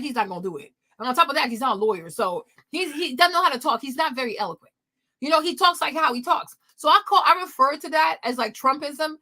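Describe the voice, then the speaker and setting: A woman's voice: high-pitched, pushed and bright. A woman giving opinionated commentary from home, emphatic and repetitive, firing off rhetorical questions. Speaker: commentary vlogger.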